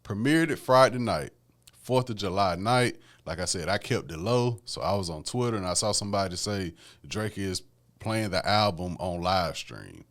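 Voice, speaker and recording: A man's voice: deep voice, animated, moderate pace, a bit bright. A man hosting a podcast alone, talking about music in a laid-back, conversational way and often adding "man" and "you know what I'm saying". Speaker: podcast host. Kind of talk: casual solo music commentary.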